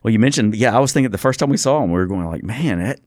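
A man's voice: fairly low pitch, racing, no echo, studio quality. A man hosting a casual sports talk show, running through game stats. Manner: reads off stats in a steady rundown.

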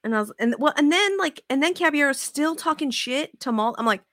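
A woman's voice: sits high, fast, few pauses, dry recording, studio quality. A woman hosting a casual sports podcast, cursing freely and acting out players' voices. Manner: profane, animated, acts out quotes. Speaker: podcast host.

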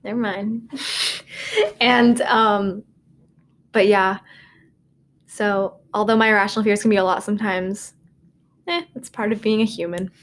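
At a measured pace with fairly even intonation, a woman in her 20s hosts a relaxed solo podcast from her dorm room, pausing often. Her medium-pitched delivery is rambling and self-deprecating, full of "um" and "like."

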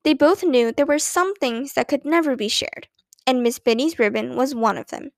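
A woman reading a children's story aloud with clear, expressive narration. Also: sits high, moderate pace, no echo. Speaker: audiobook narrator.

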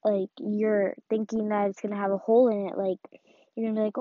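A woman's voice: mid-range voice, little pitch movement, brisk, no room sound. A woman giving a casual devotional talk, rambling and full of "like" and "um". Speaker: faith talk host. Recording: dull, dry lo-fi recording.

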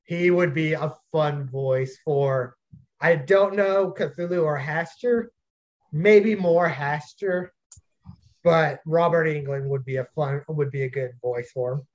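A man's voice: fairly high pitch, takes it slowly, muffled recording. A man hosting a podcast in casual chat, musing with hesitant restarts. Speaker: podcast host.

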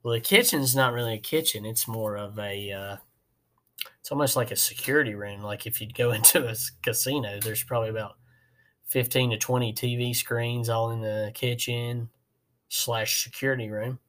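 Speaking at a normal speed with a steady, slightly bright mid-range voice, this man hosts a podcast and spins a folksy, rambling work story packed with fillers. He's an HVAC technician, and there's slight background noise.

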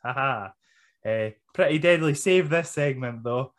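Slow, dry podcast man. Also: fairly high pitch, lively intonation, fairly bright tone. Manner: dry, sarcastic, tired. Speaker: wrestling podcast co-host. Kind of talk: casual chat.

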